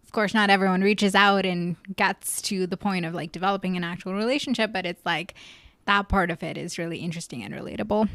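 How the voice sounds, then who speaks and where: A woman's voice: medium pitch, steady tone, quick pace, fairly bright tone, no echo. A young woman co-hosting a casual book club podcast, thoughtful and rambling with many filler words. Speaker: podcast co-host.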